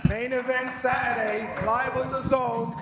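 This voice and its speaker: A man's voice: extremely high pitch, flat delivery, measured pace. A man hosting a press conference, moderating and asking short questions. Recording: reverberant hall with crowd.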